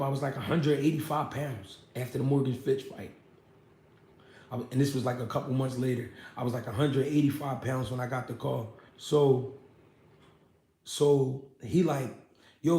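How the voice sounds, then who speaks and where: A young man, a former pro boxer, telling his story in a casual, animated, profane way. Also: medium pitch, vocal fry. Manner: animated, profane street talk with many "you know what I mean". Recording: echoey room.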